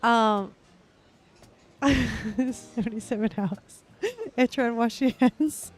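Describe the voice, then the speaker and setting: A chatty, giggly woman streaming a video game and talking to her viewers in a casual, rambling way. Her voice sits on the higher side. Faint game music plays behind her. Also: extremely slow. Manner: giggly, chatty, talks to chat while playing. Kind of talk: casual livestream commentary.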